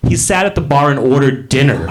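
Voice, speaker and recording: A man's voice: mid-range voice, sing-song, brisk, very noisy. A man doing a stand-up comedy set on a club stage, telling rambling stories and acting out the voices of people in them. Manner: rambling storytelling, acts out quoted voices. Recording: live club with crowd laughter. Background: audience laughter.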